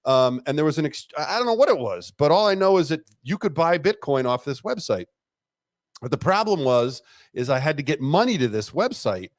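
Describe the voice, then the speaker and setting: A middle-aged man, a retired police detective and interview guest, telling a story in a casual, animated way, laughing often and swearing freely. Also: mid-range voice, normal speed, no echo, studio quality.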